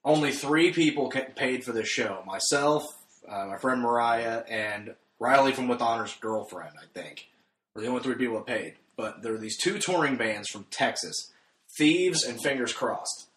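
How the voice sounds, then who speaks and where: A man's voice: mid-range voice, lively intonation, moderate pace, fairly bright tone. Laid-back man in an echoey room. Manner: laid-back, rambling, frequent "like" and "dude". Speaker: podcast co-host. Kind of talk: casual chat. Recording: echoey room with faint noise.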